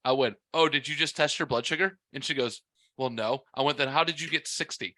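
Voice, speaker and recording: Forties guy, podcast host, loud and profane storyteller, bright edge, dry close mic. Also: on the high side, fast, no echo. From half white, half Mexican heritage. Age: 40s. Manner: profane, blunt, animated storytelling. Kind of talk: casual storytelling.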